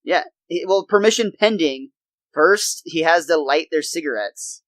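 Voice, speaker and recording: A man's voice: on the high side, a little slow, a bit bright, no echo, poor audio. A young man co-hosting a podcast, enthusiastically recapping a cartoon episode in a casual, chatty way. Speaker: podcast co-host.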